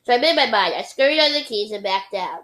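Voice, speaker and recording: A woman's voice: mid-range voice, expressive, quick pace, fairly bright tone, rough recording. A woman reading a children's book aloud expressively, with playful sound effects and occasional slips. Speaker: reader.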